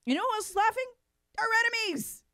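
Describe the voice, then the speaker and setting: Emphatic high-pitched woman commentator. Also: animated, fast talker, dry recording, studio quality. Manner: emphatic, indignant, sarcastic mock quotes. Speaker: talk show co-host. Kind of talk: political commentary chat.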